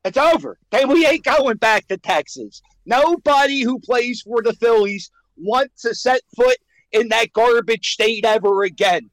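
A man's voice: very high voice, measured pace, dry recording, rough recording. A man calling in to a radio show, boastful and rambling, fired up as he talks sports. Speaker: caller. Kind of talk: excited sports chat on the radio.

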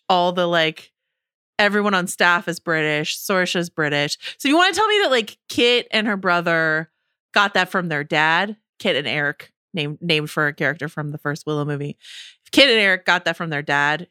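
Woman podcast co-host, bright and crisp, lively questioning, dry close mic. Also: fairly low pitch, dry recording. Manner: animated, quick questions with playful counterpoints. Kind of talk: casual chat.

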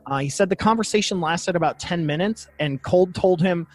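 A man's voice: sits high, moderate pace, few pauses. A man co-hosting a casual podcast, joking and reading quotes aloud from sources. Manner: jokey, reads quotes aloud. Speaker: podcast co-host. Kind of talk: casual chat.

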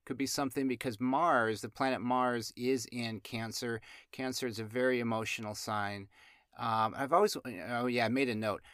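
A man's voice: medium pitch, fairly even intonation, normal speed, fairly bright tone, clear, resonant tone, no room sound, studio quality. A man hosting a show about astrology, chatting casually with lots of fillers and restarts and some playful asides. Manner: rambling, many fillers and restarts. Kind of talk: casual chat.

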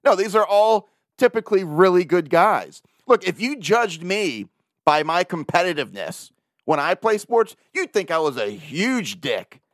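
A man talks through a casual podcast monologue, animated and poking fun at himself. His voice sits a bit high and swings up and down a lot. The sound is dry and close. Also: unhurried, dry recording. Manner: animated, self-mocking, chuckles often. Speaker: podcast host.

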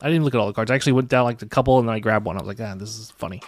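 A man's voice: on the low side, racing. A man co-hosting a casual comedy podcast. He talks in a laid-back way and laughs often. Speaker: podcast co-host.

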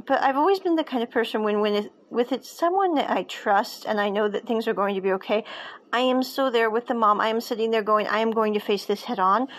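A woman with a fairly high voice talks through a show she loves in a loose, casual chat. She gushes with enthusiasm and wanders off on tangents before pulling herself back. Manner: enthusiastic, digressive. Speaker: show reviewer.

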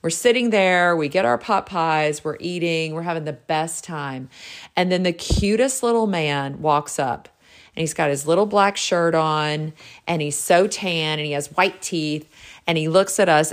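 A middle-aged woman with a notably low voice, hosting her own casual show. She tells a story in a bubbly, gushing way, stringing thoughts together with lots of "like.". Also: normal speed. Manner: bubbly and gushing, heavy use of "like". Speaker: realtor and podcast host.

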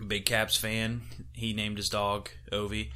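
A man co-hosting a casual sports podcast, telling stories in a heated, animated way and swearing freely. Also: lowish voice, slow pace, clean tone. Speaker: podcast co-host. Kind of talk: casual chat.

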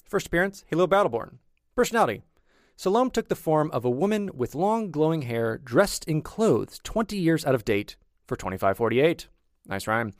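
A man co-hosting a casual podcast, chatty and quick to add his own commentary. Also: on the high side, sing-song, dry recording, studio quality. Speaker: podcast co-host. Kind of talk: casual chat.

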